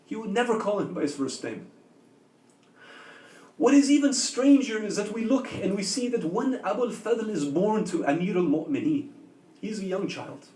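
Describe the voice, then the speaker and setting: High-voiced male preacher, echoey and distant. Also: expressive, normal speed, mellow. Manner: emotive storytelling with rhetorical questions. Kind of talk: sermon narration. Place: community religious center hall. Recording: roomy, distant mic in a hall.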